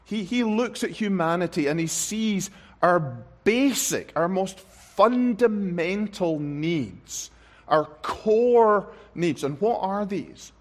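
Slow, emphatic high-voiced male preacher. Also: expressive. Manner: slow, emphatic preaching with words stressed one by one; repeats phrases for effect. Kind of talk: sermon.

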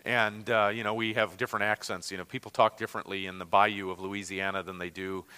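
Man, Great Lakes American accent, Bible lesson, bright voice, long hall reverb. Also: on the low side, little pitch movement, fairly quick, smooth. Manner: conversational, with frequent fillers and restarts. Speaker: Bible teacher.

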